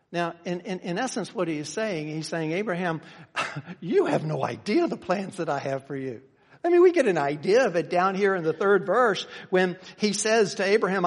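Pastor, man, slightly high voice, emphatic sermon delivery, reverberant church hall. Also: expressive, normal speed. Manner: builds from quiet teaching to loud emphatic preaching. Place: church sanctuary.

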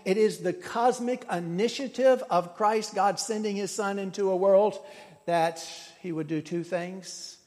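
A man preaching an expository sermon in a fairly high voice, rising to loud, emphatic peaks and dropping to hushed, drawn-out phrase endings. He sometimes restarts while searching for a word. His voice carries the long reverb of a large hall. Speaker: pastor.

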